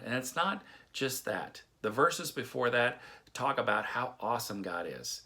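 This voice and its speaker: A man's voice: medium pitch, lively intonation, unhurried, sharp tone. A middle-aged man from Texas giving a casual devotional talk, telling folksy stories with chuckles and restarts. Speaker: devotional speaker.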